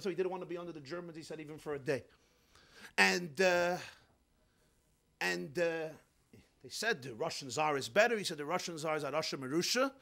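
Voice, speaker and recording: A high, bright male voice delivers a sermon with a lilt. He tells a story animatedly, dropping low for asides and then rising sharply as he acts out the characters. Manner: animated, swings from hushed to shouting, acts out characters. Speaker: rabbi.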